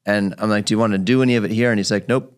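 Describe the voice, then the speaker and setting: A man with a fairly low voice tells a story from his clinic in relaxed podcast chat. He slips into his patient's voice for quoted lines and keeps the telling lively. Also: very fast. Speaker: physical therapist podcast host.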